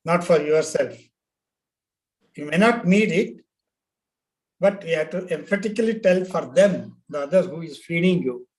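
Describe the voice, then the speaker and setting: A high-pitched man argues his reading of a text in a casual study discussion. He is insistent and repeats his point, laughing as he goes. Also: lively intonation, normal speed, pauses often. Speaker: study group participant.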